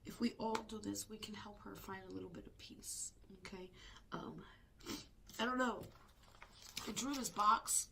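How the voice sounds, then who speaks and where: A woman co-hosting a live stream reaction, talking intensely and emotionally, often sinking into a hushed whisper. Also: mid-range voice, normal speed, creaky, pauses often, background noise.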